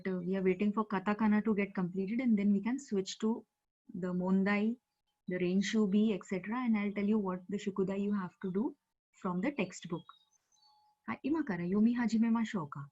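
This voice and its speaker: Woman, online teacher, patient explainer, lots of "uh", medium pitch, muffled call audio. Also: warm tone. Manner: patient, explanatory, with frequent fillers. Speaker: Japanese language teacher. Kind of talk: online language class. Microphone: video call.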